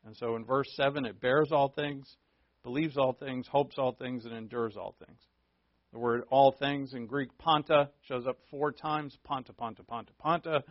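A man teaching a Bible class in a conversational way, stressing points by repeating them and often pausing on fillers. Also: mid-range voice, fairly even intonation, no room sound. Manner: conversational, repetitive emphasis, frequent fillers. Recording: dull, dry, lo-fi recording.

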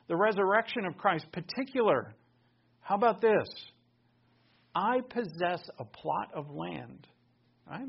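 A pastor preaching a sermon, emphatic and full of rhetorical questions. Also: male voice, a little high, slightly rough, lo-fi sound.

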